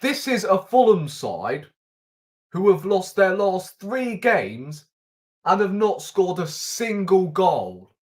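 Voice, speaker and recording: A man's voice: high voice, sing-song, slow. A man ranting on a live stream as a football fan host, exasperated and incredulous, firing rhetorical questions at the camera. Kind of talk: live-stream match reaction rant. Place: at home in front of a camera.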